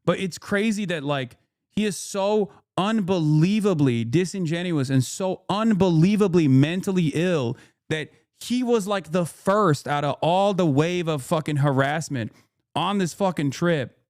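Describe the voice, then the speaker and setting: A male streamer rants in loose, profane casual commentary, circling back over his points. His voice sits a little high for a man. The sound is close and dry. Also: measured pace, a little mellow, no echo. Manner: profane, rambling, indignant.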